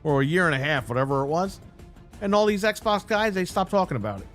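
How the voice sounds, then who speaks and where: A man with a fairly high voice delivers a heated, profane rant on a live stream. He talks bluntly and mocks the voices of the people he is complaining about. Faint music plays behind him. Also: expressive, fast, fairly bright tone. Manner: angry, blunt and heavily profane, mocking voices he quotes.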